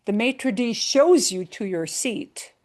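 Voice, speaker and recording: A woman's voice: on the high side, animated, takes it slowly, a little mellow. A woman Spanish teacher explaining grammar to her class patiently, step by step, with everyday examples.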